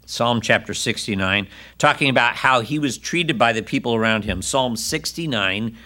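A man's voice: mid-range voice, animated, normal speed, sharp tone. A man preaching a sermon, reading Bible passages and adding conversational asides to his listeners.

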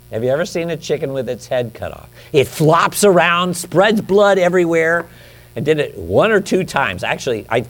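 A man's voice: medium pitch, gravelly. A male pastor teaching a sermon in an easygoing, chatty manner. He drops in offhand asides and then leans into scripture passages, stretching them out with emphasis. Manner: conversational Bible teaching with lively asides; builds to emphatic, drawn-out scripture reading.

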